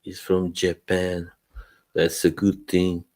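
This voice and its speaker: A man hosting a relaxed live stream, rambling in casual chat, chuckling often and trailing off. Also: low-pitched, slow.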